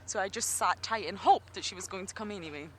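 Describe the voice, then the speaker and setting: A woman's voice: mid-range voice, fast talker, slight background noise. A Scottish woman from Scotland, a safari guide giving chatty, good-humoured live game drive commentary. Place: outdoors in an open game vehicle.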